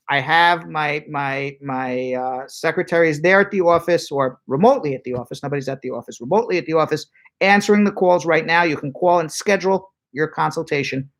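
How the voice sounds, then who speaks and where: A man who is an immigration lawyer, hosting a live-stream Q&A and reading viewer questions aloud in a brisk, chatty way. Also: on the high side, a bit bright. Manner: brisk and chatty, spells out phone numbers slowly.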